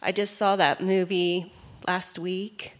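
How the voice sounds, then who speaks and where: A woman's voice: on the low side, little pitch movement, slow pace. A woman from the congregation, sharing her thoughts in a chatty, rambling way. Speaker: congregation member.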